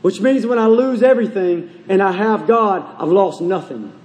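A male pastor preaching a sermon earnestly, slowing and dropping low on key phrases. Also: expressive, a little mellow, long reverb tail.

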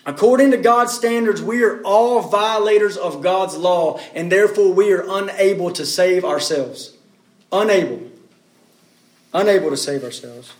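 Man, pastor, sermon, high voice, emphatic, rhetorical questions, echoey room. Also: moderate pace. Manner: emphatic, rhetorical questions, repeats key words. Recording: roomy echo.

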